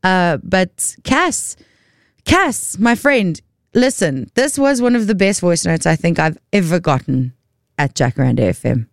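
Lively South African woman radio host. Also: fairly low pitch, normal speed, gravelly, no echo, studio quality. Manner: chatty and playful, self-mocking. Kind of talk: casual radio chat. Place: radio studio. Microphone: studio microphone.

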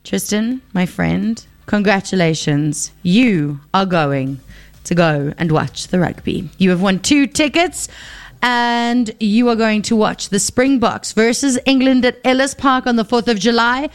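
A woman's voice: medium pitch, animated, a little slow, clean tone. A young South African woman presenting on radio, chatty and playful, teasing her listeners from a studio microphone.

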